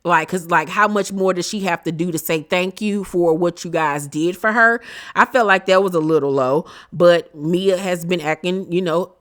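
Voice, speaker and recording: Woman, sassy recap host, animated, speaks to viewers, casual commentary. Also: fairly low pitch, moderate pace.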